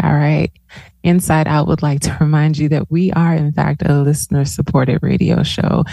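A woman hosting a community radio show, chatting casually with jokey asides and slowing down to guide listeners through a calm moment. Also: sits low, creaky, no echo.

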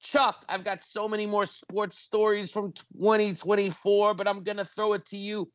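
A man's voice: high voice, flat delivery, moderate pace, highs cut off. A man co-hosting a community radio show, making an upbeat pledge-drive appeal for donations. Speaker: radio co-host.

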